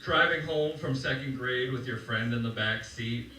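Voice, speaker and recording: A man's voice: mid-range voice, normal speed, sharp tone, distant mic, a little hiss or hum. A young man doing a stand-up set on a comedy club stage, joking loosely and chatting with the crowd. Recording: roomy live club sound from afar.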